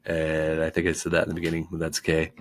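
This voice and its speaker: A man's voice: rumbling low, completely flat delivery, fast. A man who hosts a reading channel, chatting casually after a chapter in a rambling, joking, self-mocking way. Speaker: book reader and channel host. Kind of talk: casual chat after a read-aloud chapter.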